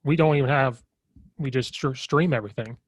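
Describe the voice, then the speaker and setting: A man's voice: mid-range voice, brisk, no echo. A man hosting a coaching podcast over a remote call, easygoing and joking. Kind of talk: casual podcast chat.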